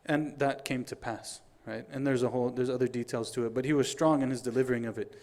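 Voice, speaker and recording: A fast-paced male preacher in middle age delivering a Friday sermon. He tells the story with lively energy and slips into the voices of the people in it, quick on his quotations, at an everyday mid pitch. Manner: animated storyteller, acts out dialogue, recites Arabic quotations quickly.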